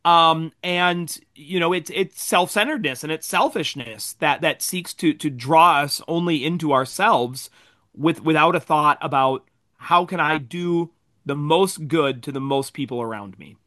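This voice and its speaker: A man's voice: fairly high pitch, unhurried, sharp tone, no echo, studio quality. A man co-hosting a Christian discussion panel, talking in an earnest, expansive way and laughing easily. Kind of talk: casual discussion.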